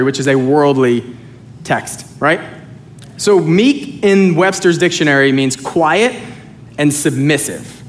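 A male pastor preaching a sermon, animated and joking, swinging between loud and soft. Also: fairly high pitch, slight background noise. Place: church sanctuary with congregation.

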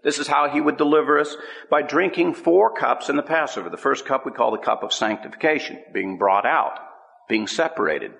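A man preaching a sermon, teaching scripture with an emphatic, drawn-out cadence. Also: mid-range voice, expressive, vocal fry, fairly bright tone. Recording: long hall reverb.

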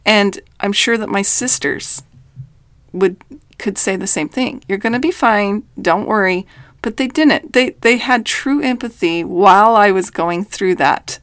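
A woman's voice: mid-range voice, a little slow, no room sound. Earnest woman coach, dry close sound. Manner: earnest, emphatic, with quoted voices. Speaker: life coach. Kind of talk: faith-based reflective talk.

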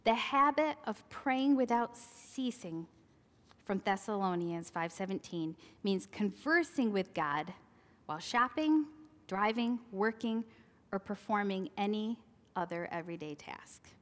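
A woman's voice: medium pitch, unhurried. A woman in her forties giving a chatty devotional talk, laughing at herself and acting out quoted lines. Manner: chatty, laughing asides, animated quoting. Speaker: Christian speaker. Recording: long hall reverb.

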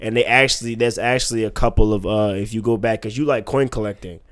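A man's voice: on the low side, steady tone, quick pace, fairly bright tone, dry recording. A man co-hosting a casual podcast, laid-back and steering the talk with asides. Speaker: podcast co-host.

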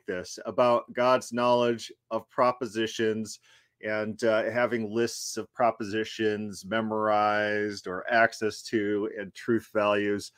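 A man's voice: fairly low pitch, level tone, takes it slowly, no room sound, clean studio sound. A man hosting a casual commentary, talking loosely with restarts as he critiques a clip. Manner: conversational, restarts, laughs while critiquing. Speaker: host.

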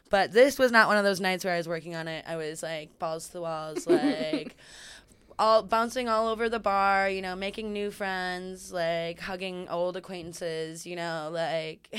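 A woman telling a story in casual chat, animated and laughing, acting out what people said. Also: fairly low pitch, clear, resonant tone. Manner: animated, laughing, acts out quotes. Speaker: guest storyteller.

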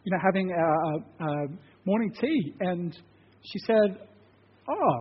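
A high, slightly husky man preaches with earnest, conversational warmth, slipping from storytelling into prayer. His voice rings out with a long church-hall reverb. The sound is dull and muffled. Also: measured pace. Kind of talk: sermon with personal story and prayer.

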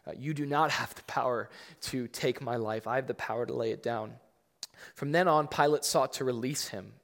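A man's voice: mid-range voice, normal speed, creaky, fairly bright tone. A man preaching a sermon, conversational but emphatic, acting out scripture readings with rising intensity. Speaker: pastor. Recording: long reverb of a large hall.

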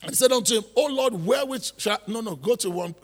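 A man's voice: extremely high pitch, lively intonation, fast, in a large hall. A man preaching a sermon, emphatic, repeating phrases and building into exhortation.

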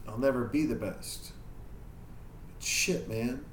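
A man's voice: medium pitch, slow, a little hiss or hum. A man hosting a podcast, talking candidly and self-critically in a casual monologue, swearing freely. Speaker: podcast host. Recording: echoey room with faint ambience.

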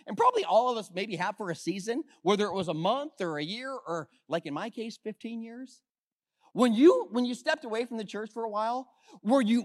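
A man preaching a sermon as pastor, talking conversationally with rhetorical questions and swinging between hushed and loud. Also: high-pitched.

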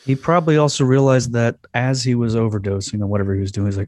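A man's voice: mid-range voice, fairly even intonation, quick pace, darkish tone, dry recording, studio quality. A man co-hosting a podcast, chatting casually with joking, drawling asides to listeners. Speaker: podcast co-host. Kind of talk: casual chat.

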